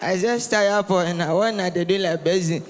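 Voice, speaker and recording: A Nigerian comedian with a high, bright voice works a live crowd, teasing and shouting for responses. The sound carries a long reverb from the hall. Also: male voice, a little fast, noisy background. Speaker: stand-up comedian. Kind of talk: stand-up comedy set in Nigerian Pidgin.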